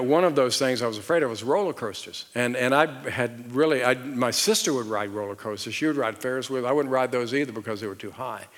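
A middle-aged man with a Southern American accent preaching a sermon as pastor, telling stories and asking the audience questions. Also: medium pitch. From Southern United States. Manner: animated storytelling with rhetorical questions and audience call-and-response. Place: large church auditorium on stage. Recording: long hall reverb.

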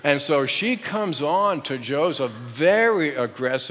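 A male pastor preaching a sermon, retelling a story with animated, humorous storytelling and direct questions to the congregation. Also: on the high side, normal speed, in a large hall.

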